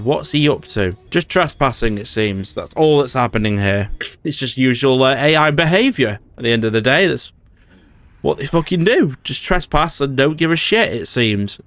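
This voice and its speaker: A man giving casual, swearing commentary over his strategy game and talking back at the computer players. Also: medium pitch. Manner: swears, talks to enemy AI lords in frustration. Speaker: gaming YouTuber.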